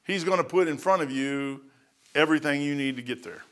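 A middle-aged man preaches in a folksy, animated way. His voice sits slightly high and sounds bright and forceful, and he climbs to emphatic peaks as he drives his points home. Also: fairly quick. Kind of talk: sermon.

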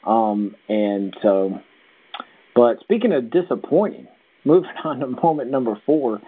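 A man's voice: mid-range voice, lively intonation, unhurried, slightly rough. Easygoing chatty man on a tinny line. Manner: easygoing, chatty, many fillers. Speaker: podcast co-host. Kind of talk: casual TV recap chat. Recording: tinny phone-like sound.

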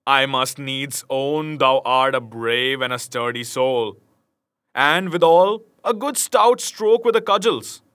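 A man's voice: medium pitch, slow pace, smooth, no room sound. A man voicing a jolly, bold male outlaw leader, speaking in hearty, old-fashioned phrases. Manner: hearty archaic speech, raised and loud.

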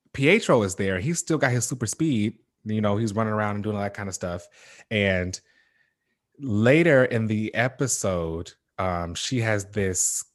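Low-voiced man in rambling chat. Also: dry recording, studio quality. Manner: rambling with many fillers and laughs. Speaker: podcast co-host. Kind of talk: casual TV recap chat.

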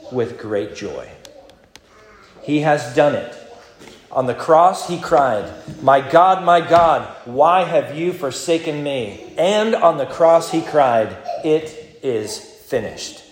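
A male pastor delivers a communion sermon and prayer at an ordinary pitch, his voice ringing through a roomy church sanctuary. He is fervent and emphatic, climbing to bold proclamations before sinking into hushed, low-voiced urging. A faint hiss lies beneath the echo. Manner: fervent, emphatic, swings between loud declarations and quiet low asides.

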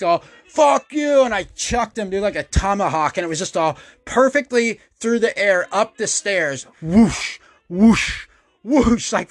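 A man with a high voice tells a story on his podcast, cursing freely and jumping into loud, animated quotes. The sound is dry and close, with no room around it. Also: no echo. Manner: profane, animated, acts out quotes loudly. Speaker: podcast host. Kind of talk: casual storytelling monologue.

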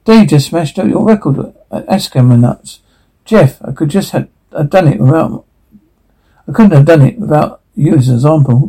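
A man voicing every character in a comedy sketch, trading quick lines back and forth. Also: fairly high pitch, vocal fry, warm tone, husky, low-quality recording.

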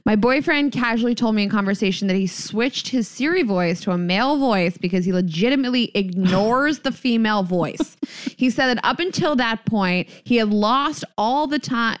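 A woman's voice: a little high, clean tone. A woman co-hosting a podcast, reading listener questions and teasing in a playful way. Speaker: podcast co-host. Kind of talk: casual chat.

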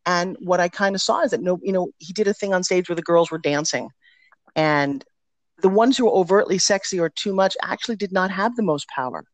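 A middle-aged woman who teaches personal development tells stories as a guest in a casual interview, speaking with energy and emphasis. Her voice is lowish and a little fast, with no echo.

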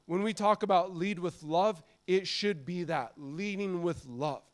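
A middle-aged American man preaching a sermon, swinging from loud emphasis to soft, confiding passages. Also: high voice, clean tone. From United States.

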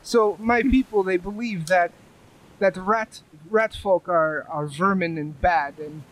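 A man voicing an earnest male cat-folk outcast who talks haltingly and drops little words. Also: high voice, fairly bright tone, rough recording.

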